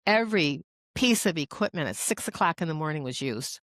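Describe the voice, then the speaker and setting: A woman's voice: deep voice, expressive, a little fast, fairly bright tone, dry recording. A middle-aged woman coach talking casually in an interview, rambling and chatty, full of "you know" and "like". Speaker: guest, executive coach.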